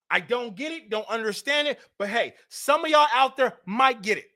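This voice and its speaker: A woman giving heated football fan commentary, blunt and mocking, rising to shouts. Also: on the high side, expressive, moderate pace, hardly any pauses. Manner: repetitive, mocking trash talk.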